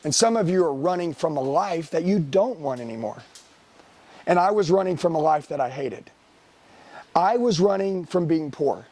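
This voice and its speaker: A man's voice: fairly high pitch, lively intonation, moderate pace, warm tone. A middle-aged man giving a blunt, profane motivational sales talk, firing questions at his trainees. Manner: blunt, swearing, hammering questions at the room.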